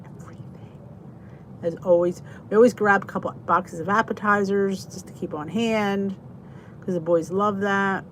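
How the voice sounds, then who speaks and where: A woman's voice: medium pitch, fairly even intonation, moderate pace, a little hiss or hum. Chatty woman hosting a live stream. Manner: chatty, rambling, often breaks off to say good night to viewers. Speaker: host of a live stream chat. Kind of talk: casual live-stream chat.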